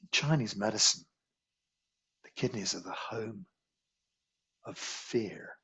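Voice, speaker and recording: A man teaching a qigong healing class, guiding a slow, soothing meditation with repetitive phrasing. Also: fairly low pitch, sharp tone, breathy edge.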